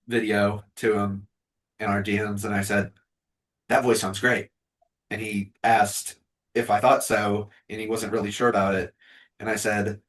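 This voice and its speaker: Slow, low-voiced male host. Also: rough recording. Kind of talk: casual chat.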